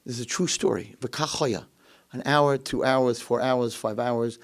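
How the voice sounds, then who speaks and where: A male rabbi telling a story in a dramatic, animated lecture. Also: medium pitch, measured pace.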